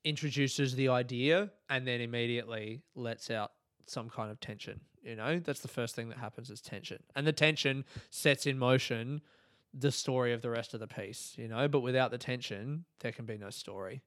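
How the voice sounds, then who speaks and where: A man's voice: mid-range voice, moderate pace, fairly bright tone, dry recording, clean studio sound. A man, a comedian, talking on his own podcast, rambling and swearing and laughing at his own jokes. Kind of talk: solo podcast monologue.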